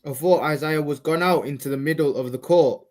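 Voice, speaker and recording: A man reads old-style Bible verses aloud with a slow, even delivery. His voice sits a touch high for a man. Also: poor audio. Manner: measured, steady reading of old-style verse. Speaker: scripture reader. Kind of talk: reading King James scripture aloud.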